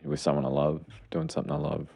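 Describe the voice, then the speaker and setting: A man's voice: extremely low pitch, little pitch movement, fast talker, gravelly, dark tone. A middle-aged man, a podcast co-host and clinician, explaining parenting steps in an earnest, enthusiastic way. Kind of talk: casual chat.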